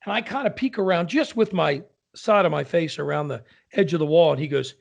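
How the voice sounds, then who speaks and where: A man, an opera singer, telling a lively anecdote in casual conversation and acting out the people in it. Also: fairly high pitch, brisk, creaky. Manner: animated storyteller, acts out quoted voices.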